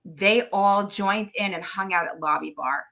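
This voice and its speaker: A middle-aged woman, a guest on an interview show, chatting loudly and laughing often as she tells stories. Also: mid-range voice, measured pace. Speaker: guest, tarot reader and medium. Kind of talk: casual interview chat.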